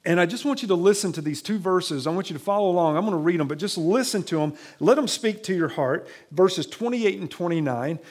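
Slightly high-voiced man preaching a sermon. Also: lively intonation, brisk, few pauses, darkish tone. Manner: conversational preaching with frequent restarts, dramatic when quoting scripture. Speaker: pastor. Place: church sanctuary.

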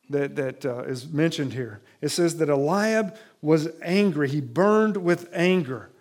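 A pastor delivers a sermon to his congregation in a church, talking to them in a relaxed, conversational way. His voice sits a little higher than most men's, and he often restarts a phrase before finishing it. When he reads scripture aloud he turns more dramatic. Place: church sanctuary.

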